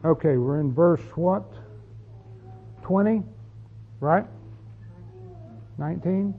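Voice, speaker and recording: A man's voice: fairly high pitch, takes it slowly, breathy edge. A man preaching a sermon as pastor, folksy and conversational, often asking the congregation questions. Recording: tinny phone-like sound.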